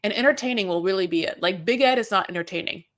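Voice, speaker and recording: A woman's voice: mid-range voice, fast talker, a bit bright. A woman host chatting casually as she recaps reality TV. She rambles, talks in circles and swears.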